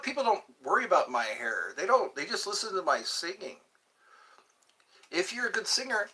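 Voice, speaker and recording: A young man rambling excitedly on a live stream, chatting with viewers and reading out comments. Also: fairly high pitch, husky. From United States. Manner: rambling, excitable, breaks into sung bits. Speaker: livestream host.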